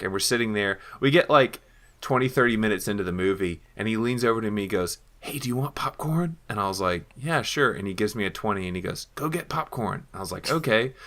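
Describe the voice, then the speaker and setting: Young male co-host, low gravelly voice with a bright edge, lively storyteller. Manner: animated storyteller acting out quoted lines. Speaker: podcast co-host. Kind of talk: casual chat.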